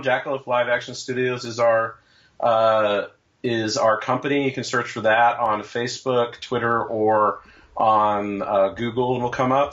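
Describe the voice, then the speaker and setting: A man speaking as a podcast guest, calmly explaining details at a medium pitch. The sound is dull and lo-fi, like call audio. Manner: plain, informative, explaining details. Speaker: guest, event organizer. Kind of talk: casual podcast chat.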